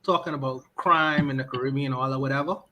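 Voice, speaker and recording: A man from the Caribbean joining a podcast livestream, telling stories in a lively, teasing way. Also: mid-range voice, brisk. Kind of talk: casual livestream chat.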